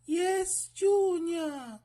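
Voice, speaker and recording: A performer voicing a strict female schoolteacher with a Jamaican accent in a cartoon, shrill and scolding. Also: extremely slow, mellow, heavily acted. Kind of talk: animated cartoon voice acting.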